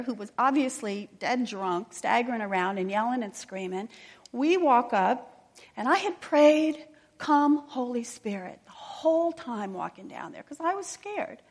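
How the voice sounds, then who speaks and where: Earnest woman preaching in a reverberant church. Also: a little high. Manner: earnest, quiet, intimate. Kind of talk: sermon storytelling.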